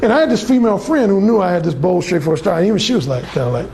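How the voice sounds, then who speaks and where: High gravelly man telling blunt stories. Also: very animated, racing, darkish tone. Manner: bold, blunt, swaggering, lots of cursing. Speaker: dating coach speaking to a class. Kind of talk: profane storytelling lecture.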